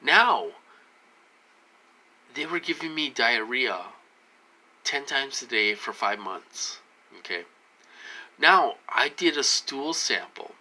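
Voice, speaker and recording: A man delivers a rambling personal monologue, circling back and repeating himself with many fillers and restarts. His tone stays insistent and aggrieved, and his voice has a very bright, sharp edge at an ordinary male pitch. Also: lively intonation, slow, long pauses, rough recording. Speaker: vlogger.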